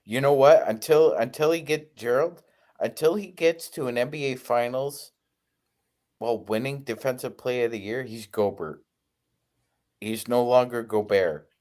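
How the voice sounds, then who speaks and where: Male co-host with quick interjections. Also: mid-range voice, a little mellow. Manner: quick interjections, stammered starts. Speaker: podcast co-host. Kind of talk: casual sports talk.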